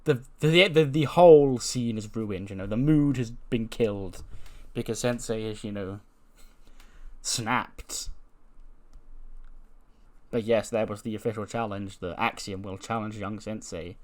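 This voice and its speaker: A man's voice: lowish voice, unhurried, long pauses, darkish tone. Casual male game narrator. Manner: casual, rambling with fillers. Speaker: game commentator. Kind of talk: narrating a wrestling sim playthrough.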